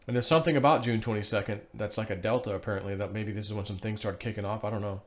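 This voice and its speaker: A man's voice: on the low side, very fast. A man hosting a casual solo video, reading online posts aloud and rambling through them with loose fillers and the odd chuckle. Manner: rambling, animated, laughs to himself, frequent fillers. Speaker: vlogger.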